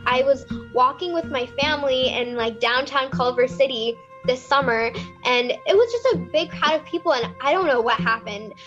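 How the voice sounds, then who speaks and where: A nineteen-year-old woman from California, USA, earnestly tells a personal story about being a young climate volunteer. Her voice is high-pitched at normal speed, and the recording is muffled with music underneath.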